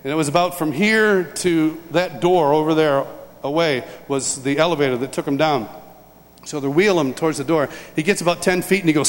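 A man's voice: fairly high pitch, fairly quick. A man telling a heartfelt story in a sermon and then leading a prayer, acting out the voices of the people in the story. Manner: animated storytelling, acting out dialogue. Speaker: preacher. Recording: reverberant hall, faint ambience.

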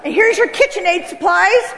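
A woman's voice: very high voice, moderate pace, creaky, a bit bright, voice pushed up, full character voice. A woman voicing her strict older mother-in-law giving firm household orders. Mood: bossy. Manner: stern, commanding. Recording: long hall reverb.

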